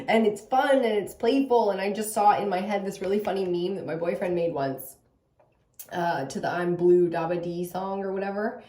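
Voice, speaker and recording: Woman, young, from Canada, casual tarot reading, rambling, swears freely, mellow tone, echoey room. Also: mid-range voice, moderate pace. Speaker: tarot reader.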